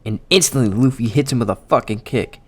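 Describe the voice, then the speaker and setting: An anime and manga YouTuber reads through a manga chapter for his viewers, casual and excitable, swearing often and speaking straight to them. His voice is medium in pitch and fairly quick.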